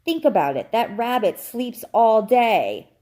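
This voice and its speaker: Cocky know-it-all cat guy, woman doing the voice, cool and condescending, mellow tone. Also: a little high, sing-song, a little slow, voice pushed up. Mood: lecturing. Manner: coolly explaining, condescending. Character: know-it-all male house cat, smug and lecturing.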